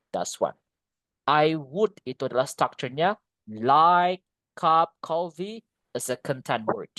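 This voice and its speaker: An Indonesian-accented woman teaching English in an online class, switching between Indonesian and English and slowly modeling phrases in a rhythm. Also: sits low, very animated, no echo.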